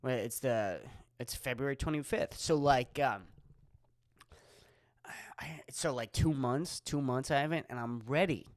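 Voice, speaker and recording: A young stand-up comic from Erie, Pennsylvania, rambles through a casual solo episode of his own podcast, swearing a lot and leaning on fillers. His mid-pitched voice moves at a measured pace with frequent pauses. The studio-quality recording has no echo.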